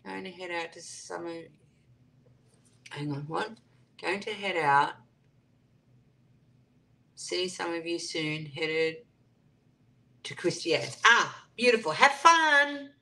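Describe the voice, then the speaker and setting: A woman's voice: fairly low pitch, slow pace, creaky, long pauses, pushed and bright. A woman hosting a live stream, chatting casually and reading out viewer comments and answering them. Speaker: livestream host.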